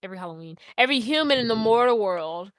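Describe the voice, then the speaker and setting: A woman's voice: fairly high pitch, fast talker, dry recording, clean studio sound. A woman co-hosting a podcast, casually recapping a movie with lots of profanity and acted-out quotes. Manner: animated retelling, profane, acts out quotes. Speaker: podcast co-host.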